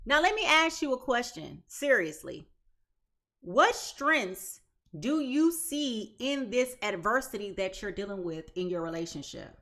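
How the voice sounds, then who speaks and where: Emphatic bright-voiced woman reading tarot. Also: on the high side, sing-song, a little slow. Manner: emphatic, piles up repeated phrases; chatty and slangy, restarts often. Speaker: tarot reader. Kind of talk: casual tarot reading to viewers.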